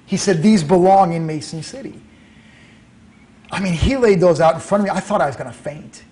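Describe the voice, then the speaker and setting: Animated middle-aged man telling a story. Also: high-pitched, brisk. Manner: animated storyteller acting out quoted dialogue. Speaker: author and guest. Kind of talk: storytelling interview.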